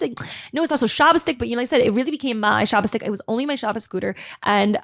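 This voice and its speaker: Brief: young woman host, quick, higher-pitched, chatty storyteller, many fillers. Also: creaky, no room sound, clean studio sound. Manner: chatty, animated, full of "like" fillers. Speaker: podcast host. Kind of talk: casual storytelling monologue.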